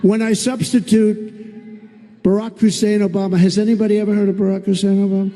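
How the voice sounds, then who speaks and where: A man delivers a rally speech, blunt and sarcastic, circling back to the same phrases again and again. His voice sits high for a man but sounds mellow rather than bright. A long reverb trails each phrase, as in a large hall. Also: little pitch movement, a little fast, a little hiss or hum. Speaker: political candidate at a rally.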